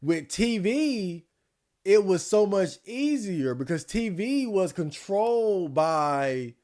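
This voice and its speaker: A man's voice: high voice, very animated, slow, darkish tone. A man chatting casually on a livestream, ranting and rambling with frequent restarts.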